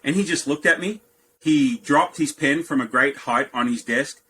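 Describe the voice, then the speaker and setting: A man in his fifties with an Australian accent, a podcast guest telling lively anecdotes and jumping up in pitch for quoted lines. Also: moderate pace, a little hiss or hum, poor audio. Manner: animated anecdotes, jumps high for quoted lines. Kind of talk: storytelling in a podcast interview.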